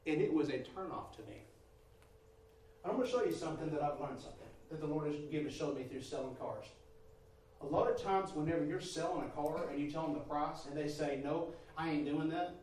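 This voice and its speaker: A man preaching a testimony sermon, emphatic, swinging from quiet talk to near-shouting and calling his listeners brother and sister. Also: on the high side, fairly quick. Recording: echoey hall from far off, faint noise.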